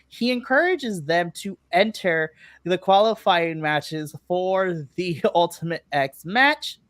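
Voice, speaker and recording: A podcast co-host on a remote live stream, talking through a casual recap. The voice sits at a middling pitch and is recorded dry and close. They chat easily, laugh often and act out their own reactions. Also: fairly bright tone, no echo.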